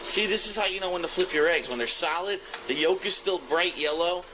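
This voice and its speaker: A man's voice: high-pitched, fairly quick, background noise. A man casually narrating each step as he cooks on a stream, rambling and swearing. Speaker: streamer cooking on camera.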